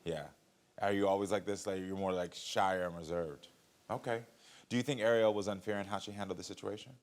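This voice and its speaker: A man hosting a daytime talk show, offering short affirmations and gentle probing questions. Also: on the low side, fairly even intonation, brisk.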